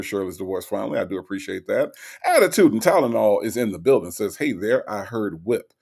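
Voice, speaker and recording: Animated man chatting on a livestream. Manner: animated, swoops high for emphasis then drops low. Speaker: livestream host reading chat. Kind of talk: casual livestream chat.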